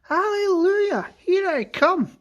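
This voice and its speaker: A man's voice: very high-pitched, moderate pace, dull audio, pitched above the performer's own voice. A man doing a screechy wild old grandma. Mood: gleeful. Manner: shrieking and excited. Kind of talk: storybook reading.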